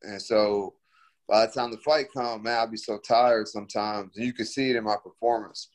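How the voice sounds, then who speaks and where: A man's voice: lowish voice, fairly even intonation, moderate pace. A young man, a fighter, answering interview questions in a laid-back, slangy way full of fillers.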